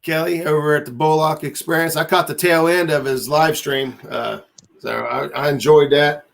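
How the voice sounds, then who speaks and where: Man, livestream host, casual chat, rambling, gravelly, slightly high. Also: little pitch movement, normal speed. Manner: laid-back, rambling, reads out viewer comments.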